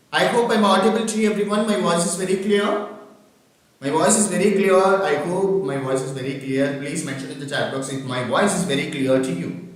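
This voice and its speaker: A man leads an online training session, his slightly high voice halting and full of fillers. He keeps checking that everyone can hear him. The sound is very roomy and distant, as if he sits well away from the mic. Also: a bit bright. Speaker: workshop trainer. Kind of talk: online lecture with screen demonstration. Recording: very echoey room, from far off the mic.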